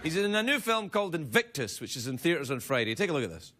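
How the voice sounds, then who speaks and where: A man's voice: fairly high pitch, sing-song, quick pace, heavy background noise. A male talk show host in casual late-night chat, rambling and jokey and often cutting himself off mid-sentence. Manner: rambling, jokey, self-interrupting.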